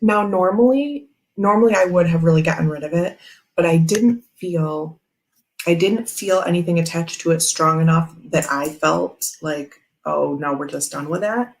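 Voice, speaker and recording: A woman's voice: lowish voice, moderate pace, rough recording. A young woman hosting a tarot livestream, telling a long personal story in a rambling, chatty way full of fillers. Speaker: tarot channel host.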